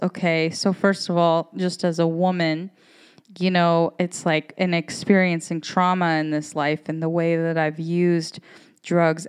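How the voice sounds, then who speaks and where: Deep and smooth, this voice belongs to a podcast host, a woman in her thirties. She delivers a casual monologue that is candid, rambling and profane.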